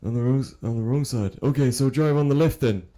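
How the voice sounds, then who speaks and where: A man's voice: medium pitch, fast, mellow, lightly acted. A man playing a confused, forgetful elderly man who stammers and repeats himself during a role-played traffic stop. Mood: confused, muddled. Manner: hesitant and repetitive, stammering. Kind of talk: role-play driving stop.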